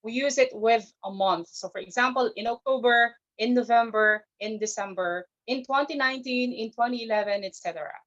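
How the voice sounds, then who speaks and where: Speaking briskly with hardly a pause, this woman has a slightly high, fairly bright voice. She is from the Philippines, a non-native English speaker, offering a teacherly, careful assessment of grammar and pronunciation at an online speech club, captured as dull lo-fi video call audio.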